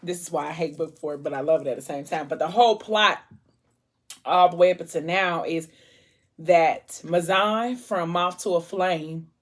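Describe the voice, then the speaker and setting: A woman talking casually while she snacks at home, recapping a story in a loose, chatty way. She fills her sentences with "like" and keeps slipping back into the scenes. Her voice sits a little low for a woman. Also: moderate pace. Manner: chatty, retells scenes with lots of "like". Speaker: vlogger retelling a book's plot. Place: at home, eating a fruit tray.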